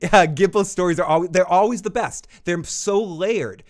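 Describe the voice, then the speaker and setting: A man with a slightly high voice co-hosts a casual review chat. He heaps on mock praise, laughing often between lines. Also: moderate pace. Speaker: co-host.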